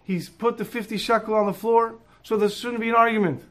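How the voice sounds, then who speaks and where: A man's voice: high voice, steady tone, brisk, fairly bright tone, voice pushed up. A man doing a passenger making an announcement. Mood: declaiming. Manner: declaiming, admiring.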